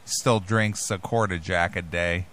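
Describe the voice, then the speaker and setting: Male radio host, unhurried and amused, with a bright tone. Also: low-pitched, steady tone, slight background noise. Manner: laid-back, amused, crude. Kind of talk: casual radio talk.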